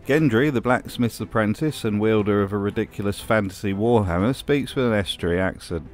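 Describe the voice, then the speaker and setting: A man's voice: on the low side, brisk, faint music behind. A man from Britain reading scripted commentary, with wry and mocking asides. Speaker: video essay host.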